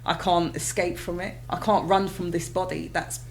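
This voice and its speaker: A woman in her thirties, an interview guest telling her own story in a candid, conversational way, breaking into high excited exclamations as she recalls moments. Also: moderate pace, gravelly, poor audio. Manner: animated, bursts into high excited exclamations and laughter when retelling moments.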